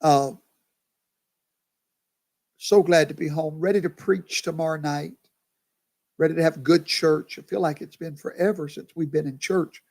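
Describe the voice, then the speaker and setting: A man's voice: fairly high pitch, fairly even intonation, unhurried, pauses often, darkish tone. A man, a pastor chatting casually on a livestream, tired and yawning, talking to viewers by name. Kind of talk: casual live commentary.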